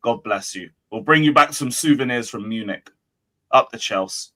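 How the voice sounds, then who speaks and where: A man co-hosting a casual live-stream football chat, teasing and deliberate as he reads donations. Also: medium pitch, bright, forceful tone. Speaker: co-host.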